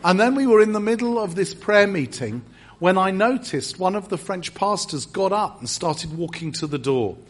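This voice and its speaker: A middle-aged English man preaches in a church, spinning a personal story with dry, self-mocking humor. His voice is husky and sits a little high for a man. He stumbles and restarts often as he talks. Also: lively intonation, moderate pace. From England. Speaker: guest preacher. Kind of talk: storytelling sermon.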